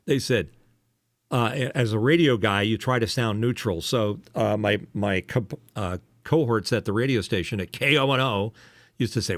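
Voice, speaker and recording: A fairly low-pitched older man from the eastern United States speaks at normal speed in a dry recording. He's an ex-radio DJ hosting a casual podcast, his polished delivery full of teasing asides, rambling, and fillers.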